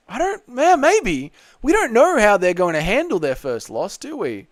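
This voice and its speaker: Speaking from a home room with the balcony window open, an Australian podcast host reads viewer comments aloud and answers them in casual banter on a livestream. His high voice swoops wildly in pitch at a moderate pace with hardly any pauses, and the recording is dry.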